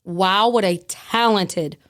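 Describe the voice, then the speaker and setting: A woman guest on a podcast, chatting casually and telling a long anecdote from her time working at a prison, with plenty of fillers and a lively, talkative way of speaking. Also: medium pitch, slow. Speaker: podcast guest, former prison staff worker. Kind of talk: casual conversational storytelling.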